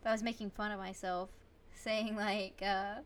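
A woman's voice: mid-range voice, level tone, normal speed, a crowd in the background. A woman hosting a podcast, chatting casually with a playful, teasing, giggly manner. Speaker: podcast host. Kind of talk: casual chat.

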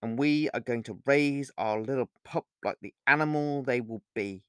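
A possessive young werewolf man, as the narrator puts him on, calm and low with a quiet menace. He sounds close and dry, a mid-pitched man's voice from an audiobook. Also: normal speed, clean tone, no room sound, natural voice. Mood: menacing. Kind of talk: audiobook reading.

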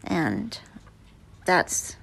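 A woman's voice: lowish voice, big pitch swings, very slow, gravelly, fairly bright tone, slightly rough. A woman actress answering interview questions in a chatty, hesitant way with many fillers and restarts. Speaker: actress guest.

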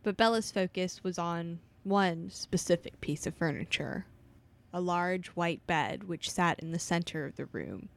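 A woman co-hosting a podcast, narrating a novel's events in a steady, even way. Her voice sits slightly low for a woman. She drops in short reactions to her co-host's jokes. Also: creaky. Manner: steady storytelling recap with quick reactions. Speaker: podcast co-host. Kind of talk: casual chat and book recap.

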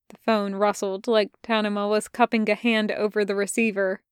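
A woman reading a fan fiction story aloud at an unhurried pace, shifting her voice for the characters. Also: mid-range voice, little pitch movement, clear, resonant tone, dry recording, studio quality. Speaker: podfic reader. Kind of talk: scripted narration.

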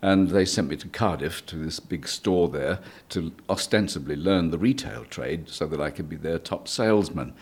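A man's voice: low voice, normal speed, hardly any pauses, breathy edge. An older man from England, a guest in an interview, telling stories from his early career in a chatty way with frequent chuckles. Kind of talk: reminiscing interview.

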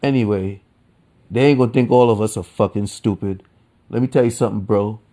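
A lowish-voiced man talking alone on his podcast. He rants and swears freely, shifting from calm explaining into heated scolding of his listeners. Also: a little fast. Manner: profane, ranting, swings from calm to heated. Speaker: podcast host. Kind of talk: solo podcast monologue.

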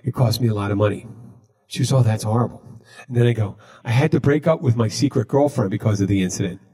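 A man hosting a podcast, telling a story in a casual, deadpan way. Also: mid-range voice, fast talker, slightly rough. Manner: deadpan, recounting jokes he told. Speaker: podcast host.

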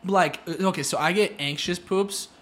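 A young man, a podcast guest, telling stories in a loose, rambling way full of "like", and dropping into a low mumble for asides. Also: a little slow, fairly bright tone. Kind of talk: casual chat.

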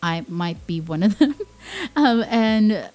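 A woman's voice: mid-range voice, animated, slow pace, warm tone. A young woman hosting a podcast, speaking in a casual informative way, earnest and repeating her key points for emphasis. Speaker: podcast host.

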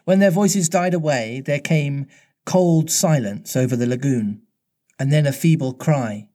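A man reading a children's storybook aloud in a measured way, slowing down at tense moments. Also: a little high, warm tone.

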